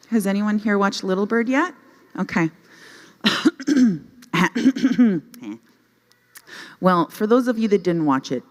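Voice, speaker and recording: Woman, stand-up comic, low voice, self-deprecating, laughs at her own jokes, stage microphone. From Canada. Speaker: stand-up comedian. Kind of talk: stand-up comedy storytelling. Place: stage at a youth conference, before a live audience. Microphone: handheld microphone.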